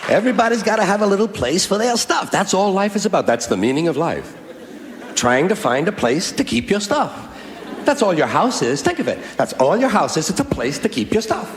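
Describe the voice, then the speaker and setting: A man's voice: high-pitched, very animated, brisk, a faint crowd. A man doing an observational stand-up routine in a sardonic, repetitive riffing style. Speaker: stand-up comedian. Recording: echoey live hall recording with background noise.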